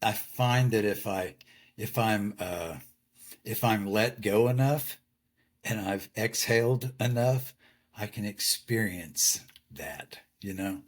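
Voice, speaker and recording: A man's voice: lowish voice, takes it slowly. A man in his sixties, a podcast guest, talking candidly and reflectively in casual conversation, with a loose storytelling way of speaking.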